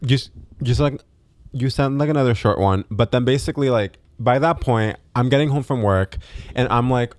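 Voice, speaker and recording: A man co-hosting a podcast, telling a story in a halting, casual way with lots of fillers. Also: mid-range voice, no room sound. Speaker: podcast co-host. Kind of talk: casual chat.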